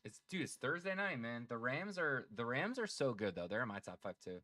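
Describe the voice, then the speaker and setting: A man's voice: mid-range voice, very animated, brisk, sharp tone, no echo. A man co-hosting a casual sports chat on a live stream, laid-back and teasing, calling people dude and brother. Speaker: sports show co-host.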